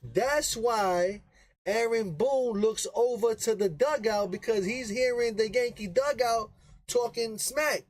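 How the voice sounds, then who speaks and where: High-voiced man chatting about baseball. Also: takes it slowly, no echo, rough recording. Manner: rambling, explains with frequent "right?" tag questions; repeats himself for emphasis. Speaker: baseball podcast host. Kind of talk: casual sports talk.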